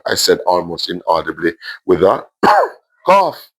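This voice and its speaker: A Jamaican man gently reading his own emotional story aloud to a primary school class, adding asides. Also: sits low, huge pitch swings, takes it slowly, breathy edge.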